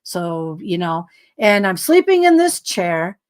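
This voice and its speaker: A woman's voice: fairly low pitch, very animated, slow, darkish tone. A woman guest telling a story in casual conversation, acting out dialogue with lots of fillers and sounding tired. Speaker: podcast guest.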